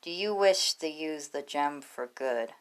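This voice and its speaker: A woman voicing a wise, wary captive dragon that speaks firmly and quietly in a read-aloud story. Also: low voice, animated, measured pace, poor audio. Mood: stern. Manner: firm, quiet and solemn.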